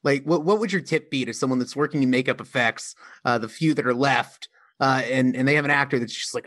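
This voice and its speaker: A man's voice: mid-range voice, fairly quick, fairly bright tone. A man hosting a podcast who asks questions hesitantly, restarting his sentences. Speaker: podcast host. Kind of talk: interview questions.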